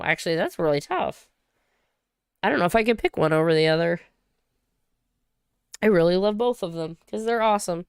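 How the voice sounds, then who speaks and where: Woman host from Saint Louis, bubbly casual stream chatter, clean smooth tone, dry close mic. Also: medium pitch, no echo. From Saint Louis, USA. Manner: bubbly, chatty, quick to laugh and cheer. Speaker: livestream host. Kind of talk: casual livestream chat.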